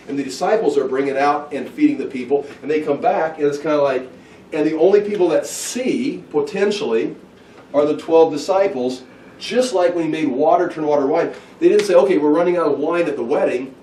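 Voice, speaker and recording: A man's voice: fairly high pitch, a little hiss or hum. Male Bible teacher in an echoey room. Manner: animated, acts out scenes with excited outbursts. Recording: echoey room, heard from a distance.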